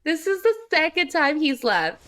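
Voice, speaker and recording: A woman's voice: sits high, very animated, moderate pace, fairly bright tone, a little hiss or hum. A woman co-hosting a podcast, chatting casually, teasing her co-host and laughing often. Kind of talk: casual chat.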